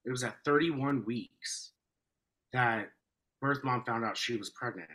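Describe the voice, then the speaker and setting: A man who is a podcast guest, talking in an easygoing, measured way in casual chat. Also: mid-range voice, sharp tone, low-quality recording.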